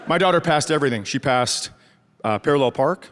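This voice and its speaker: With a mid-range, animated voice, a middle-aged man from rural Minnesota tells a slightly fast stand-up set of sarcastic, profane stories about his family. His live audience laughs loudly.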